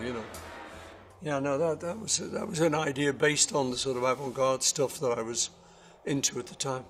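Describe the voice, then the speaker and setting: Rambling relaxed storytelling man. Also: mid-range voice, moderate pace, faint music behind. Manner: relaxed and rambling, with frequent self-corrections and fillers. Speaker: interviewee musician. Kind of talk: casual anecdotal storytelling.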